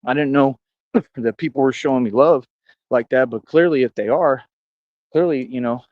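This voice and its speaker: A man's voice: mid-range voice, moderate pace, dry recording, lo-fi sound. A man streaming a rambling monologue, boastful and confrontational, full of street slang and tough talk. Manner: coos softly at a cat.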